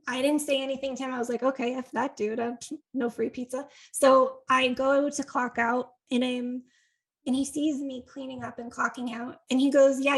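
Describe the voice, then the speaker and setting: A woman's voice: high-pitched, low-quality recording. A woman from Connecticut, a podcast guest, telling a story in a chatty way, often saying "like" and acting out what others said. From Connecticut, USA. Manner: chatty, animated, acts out quoted dialogue; frequent "like" and quick laughs. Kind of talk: casual storytelling in conversation.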